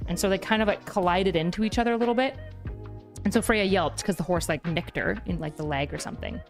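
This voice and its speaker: A woman's voice: mid-range voice, fast, faint music behind. A woman talking casually in a commentary video, chatty and full of filler likes.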